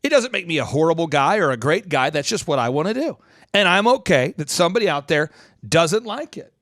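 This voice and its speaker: Man, high-pitched, motivational podcast host, quick energetic delivery, dry studio sound. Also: no echo. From Oklahoma. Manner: fast-talking, animated, slips into voice imitations.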